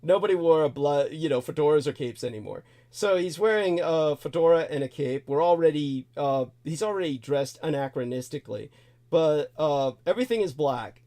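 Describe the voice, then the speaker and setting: A male host with a rather high, animated voice and a warm tone talks at a normal pace, spinning a long personal story. He wanders off on tangents, repeats himself, and chuckles here and there in this rambling spoken tale.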